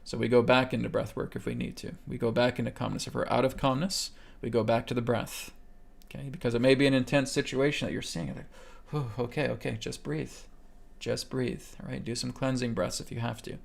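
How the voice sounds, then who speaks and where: Calm gravelly man guiding a meditation. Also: medium pitch, fast. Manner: calm guiding delivery, keeps checking in with "okay?"; talks listeners through breathing steps. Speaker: meditation instructor. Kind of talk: live webcast teaching a healing technique.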